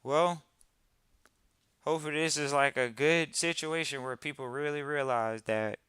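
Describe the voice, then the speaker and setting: A man hosting a live podcast in casual talk, animated and repeating phrases for emphasis. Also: a little high, normal speed, clear, resonant tone, dry recording, studio quality. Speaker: podcast host.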